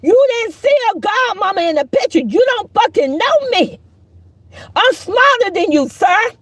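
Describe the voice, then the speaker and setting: A woman's voice: extremely high pitch, big pitch swings, moderate pace, dry recording. Fiery, profane woman ranting on a stream. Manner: fiery, profane, preachy, mocking. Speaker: commentary streamer. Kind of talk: heated live-stream commentary.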